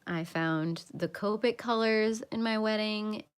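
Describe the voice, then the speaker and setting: A young woman talks casually to her livestream viewers while she colors. She rambles, repeats herself and pokes fun at her own habits. Her pitch sits in the middle for a woman. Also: measured pace, clear, resonant tone. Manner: chatty, self-mocking, rambling with repeats. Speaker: livestream host.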